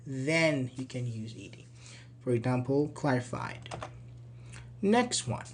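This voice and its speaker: A man's voice: medium pitch, expressive, slow. A man teaching English spelling rules from slides, with Persian as his first language, repeating word pairs and checking in with "okay" and "uh-huh". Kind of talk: slide-based grammar lesson.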